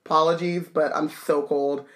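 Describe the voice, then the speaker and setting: Woman podcast co-host with a lowish voice, animated and slangy. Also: normal speed. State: cold. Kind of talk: casual chat.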